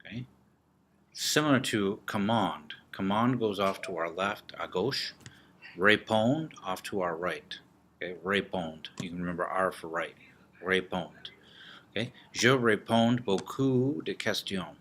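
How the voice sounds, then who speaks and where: Male teacher, low voice, slow patient drill delivery, faint room ambience behind. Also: lively intonation, a bit bright, slight background noise. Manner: slow, repeats words and drills with gestures. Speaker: French teacher. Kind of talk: classroom vocabulary lesson.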